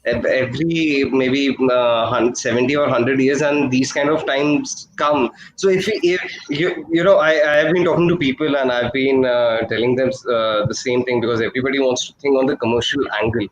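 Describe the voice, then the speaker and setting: A man's voice: mid-range voice, normal speed, hardly any pauses, dull audio. Guest actor on a video call, hesitant man, faint hiss behind. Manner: hesitant, many fillers and restarts. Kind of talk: casual video-call interview.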